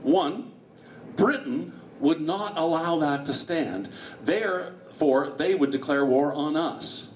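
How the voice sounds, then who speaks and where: A man playing an eager, scheming male statesman who pitches a plan in a raised, pushy voice. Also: animated, slow, slight background noise. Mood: persuasive. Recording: distant, roomy, dull hall recording.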